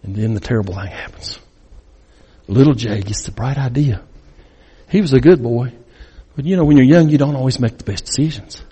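A man preaching as a guest speaker, telling a dramatic story that swings between loud and hushed. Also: mid-range voice, a little fast, slightly rough. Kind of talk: sermon storytelling. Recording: long reverb in a large hall.

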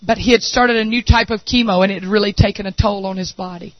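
A male preacher, telling a story in a sermon and building to impassioned shouting. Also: sits high, steady tone, fast talker, dry recording, lo-fi sound.

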